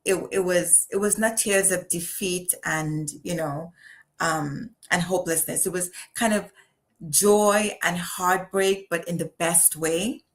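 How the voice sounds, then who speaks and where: A woman's voice: on the low side, steady tone, takes it slowly. A middle-aged woman from Trinidad, telling a personal story on a live stream in a reflective, heartfelt way with frequent restarts. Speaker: channel host.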